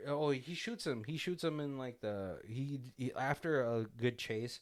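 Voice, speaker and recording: A man's voice: mid-range voice, unhurried, hardly any pauses. Guy on a movie podcast, walking through the plot, doing the characters' lines, laughs a lot. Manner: retells scenes with quoted lines and frequent laughs. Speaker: podcast host. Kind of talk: casual movie commentary chat.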